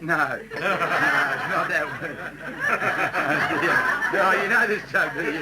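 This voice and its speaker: A man spinning a joke before a live crowd, acting out each character as he goes. His voice sits high and moves animatedly. The live recording carries a steady hiss. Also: normal speed. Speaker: stage performer telling a joke. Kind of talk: live stand-up joke telling. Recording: noisy live stage recording.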